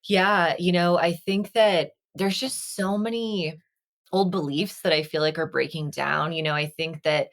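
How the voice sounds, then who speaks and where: Earnest, fairly low-voiced woman. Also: a little slow. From Las Vegas, United States. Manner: reflective, earnest, acts out quoted dialogue. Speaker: podcast guest, energy healer. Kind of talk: casual conversation.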